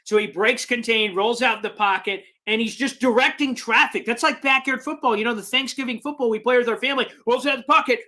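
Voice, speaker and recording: A man hosting a live fan stream, reading viewer comments and talking in a passionate, rambling way while emotional and excited. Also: brisk, few pauses. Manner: high-energy, passionate, rambling. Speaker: sports fan show host.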